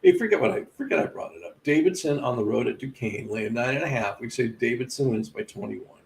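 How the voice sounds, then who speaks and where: A man's voice: medium pitch, a little fast, creaky, low-quality recording. A man hosting a live sports betting show, casually running through game results with wry asides and laughing at his own missed picks.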